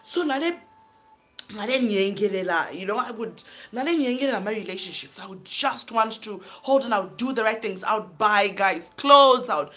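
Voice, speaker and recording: A woman tells her own life story, open and deeply emotional. She talks in loose spoken sentences and keeps checking in with the listener. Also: animated, normal speed, pushed and bright. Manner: emotional, keeps saying "you know what I'm saying". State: tearful at times. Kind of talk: personal storytelling.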